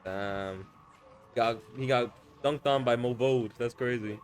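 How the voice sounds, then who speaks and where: A man doing casual live commentary on a fighting game, loud and teasing, swearing freely. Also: mid-range voice, slow pace. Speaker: esports commentator.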